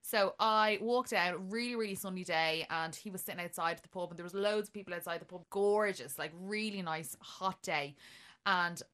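A young Irish woman co-hosting a podcast, telling a dating story in a casual, animated way and laughing often. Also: lowish voice, moderate pace. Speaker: podcast co-host.

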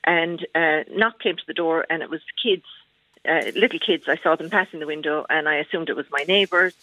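A woman's voice: deep voice, fairly quick, pushed and bright. An Irish woman calling in to a radio phone-in, talking hesitantly with many fillers and restarts. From Ireland. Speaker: caller. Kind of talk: phone-in call. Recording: tinny phone line.

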